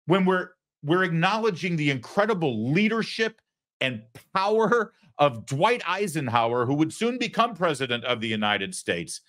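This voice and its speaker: Male host for political commentary, sarcastic and indignant, with an animated, rising-and-falling delivery. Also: a little high.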